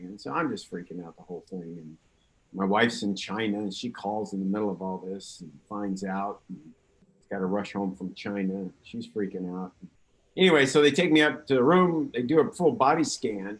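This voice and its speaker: A man in his sixties from California, a patient guest telling his story in a lively, anecdotal way on a panel. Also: lowish voice, normal speed, rough recording. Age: 60s.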